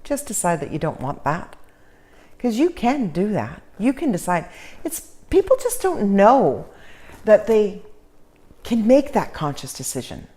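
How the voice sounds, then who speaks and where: A woman's voice: mid-range voice, sing-song, unhurried, darkish tone. A woman teaching a casual self-help lesson, earnest and encouraging, with folksy asides. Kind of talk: informal motivational lesson.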